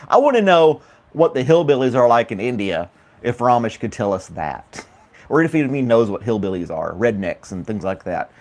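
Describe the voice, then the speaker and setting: An American man hosts a casual morning talk show, chatting with live chat viewers in a sing-song, medium-pitched voice at a moderate pace. He pauses often, rambles, laughs a lot, and leans heavily on fillers.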